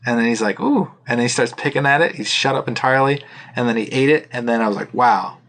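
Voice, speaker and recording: A man's voice: mid-range voice, fairly even intonation, quick pace, fairly bright tone. Man telling a rambling story on a podcast. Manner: rambling storyteller, laughs often. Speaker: podcast co-host. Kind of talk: casual chat. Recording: faint background noise.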